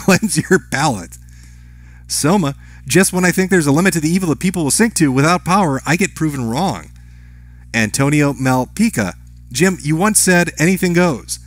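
A man's voice: on the high side, no echo. A man reading out viewer messages on a live stream, answering each with brief offhand remarks. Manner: reads chat names and messages aloud, brief offhand replies.

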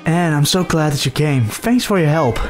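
A man voicing a worried, earnest young woman character in a calm, low reading. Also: moderate pace, soft background music, lightly acted.

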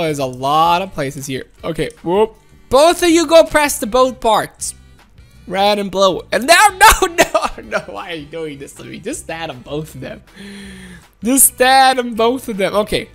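A woman's voice: medium pitch, a bit bright. A woman giving casual gameplay commentary, playful and coaxing her teammates, often laughing. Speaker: gaming commentator.

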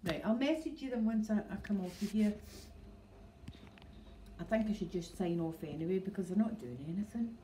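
A Scottish dog breeder, a middle-aged woman, livestreams from home, chatting into her phone with lots of rambling and laughter. Her dark-toned, mid-range voice keeps a moderate pace with frequent pauses, and the poor audio has a faint hiss or hum.

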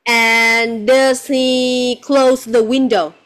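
A woman's voice: fairly high pitch, little pitch movement, very slow, fairly bright tone. A woman teaching English to a child. She asks patient, repetitive yes-no questions and mixes in phrases. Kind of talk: one-on-one English lesson with a child.

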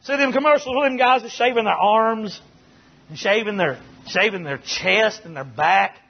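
A man preaching as a Baptist pastor, folksy and joking, who builds to shouted preaching. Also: sits high, normal speed, gravelly, husky. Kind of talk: sermon. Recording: dull lo-fi recording.

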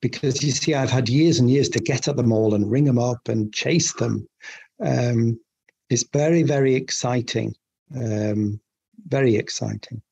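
A middle-aged English man, a family doctor, talking earnestly in a relaxed interview, with halting restarts. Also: medium pitch, vocal fry, husky. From England. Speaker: GP guest. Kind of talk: casual interview chat.

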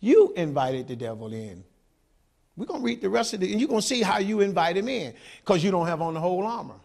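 A man's voice: sits high, sing-song, quick pace, vocal fry, a little mellow. A man preaching a sermon with passion, calling out to the congregation for responses. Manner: impassioned preaching with call-and-response. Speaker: pastor.

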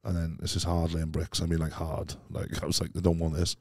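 Fast-talking deep-voiced man. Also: completely flat delivery, a little mellow, dry recording, clean studio sound. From Wales. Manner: chatty, laughs often, says "mate" a lot. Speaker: guest, strongman and former soldier. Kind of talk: casual interview chat.

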